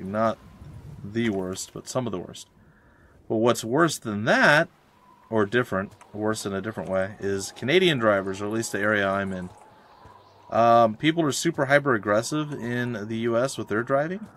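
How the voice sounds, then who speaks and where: A man's voice: medium pitch, moderate pace, a bit bright. A young adult man, rambling and ranting in casual chat while streaming a game. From Florida, USA. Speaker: let's play streamer.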